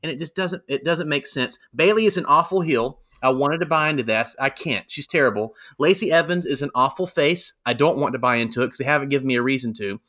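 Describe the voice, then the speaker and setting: A man's voice: mid-range voice, fast, few pauses, sharp tone. A man co-hosting a podcast, talking in a blunt, critical and emphatic way in casual chat. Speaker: podcast co-host.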